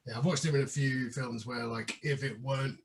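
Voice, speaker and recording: A man co-hosting a casual wine podcast, sweary and quick to laugh. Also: mid-range voice, fairly even intonation. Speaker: podcast co-host. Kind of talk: casual chat over wine.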